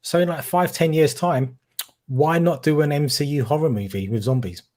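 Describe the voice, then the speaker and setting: A man's voice: fairly high pitch, normal speed, darkish tone. A man with a Cockney accent from London's East End, co-hosting a casual film chat and rambling with hesitant restarts. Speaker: podcast co-host.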